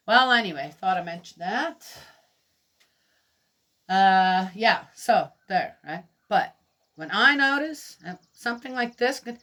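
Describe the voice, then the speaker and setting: Bright, chatty woman telling stories. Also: medium pitch, lively intonation, slow. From Switzerland. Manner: chatty, laughing, asks listeners questions. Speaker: Bible teacher. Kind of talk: storytelling sermon.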